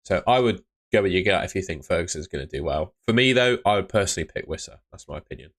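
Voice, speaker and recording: A man's voice: sits low, expressive, fast, fairly bright tone. A man hosting a casual live stream, chatting and answering viewers' questions, often calling them mate.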